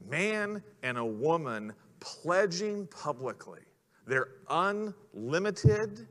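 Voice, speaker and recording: A man's voice: on the high side, fairly bright tone. A man preaching a sermon in an earnest way, putting questions to the congregation. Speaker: pastor. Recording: long hall reverb.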